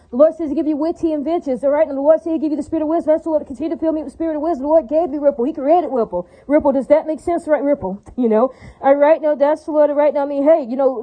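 A woman rattles off a rambling religious rant at a rapid clip, her voice high. She is repetitive, profane and preachy. The sound is narrow and tinny, like a phone call.

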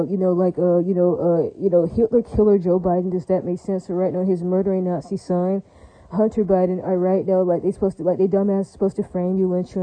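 A woman's voice: fairly low pitch, mellow, no room sound, rough recording. A woman speaking in a rambling, repetitive monologue, full of fillers and religious exclamations. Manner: repetitive, emphatic, filler-heavy. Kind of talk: rambling direct-to-camera monologue.

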